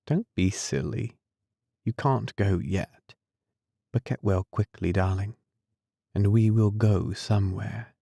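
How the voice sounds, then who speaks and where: A man voicing a tender, devoted young nurse in an audiobook, soft and coaxing. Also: lowish voice, takes it slowly, vocal fry, long pauses, no room sound, studio quality, exaggerated voice. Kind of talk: audiobook character reading.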